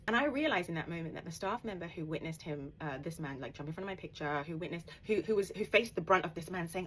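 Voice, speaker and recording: A woman, vividly retelling a personal story on her vlog, animated and emphatic, with bursts of laughter. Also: fairly low pitch, fast talker, slight background noise. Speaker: vlogger.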